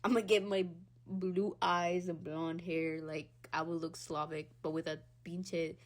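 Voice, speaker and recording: A young woman hosting her own podcast, ranting in a casual, animated way, swearing freely, laughing often and jumping between loud squeals and low mutters. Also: a little slow. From Hispanic background. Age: young adult. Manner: animated, swearing, laughs often, big swings in pitch and loudness. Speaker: podcast host. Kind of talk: casual solo rant.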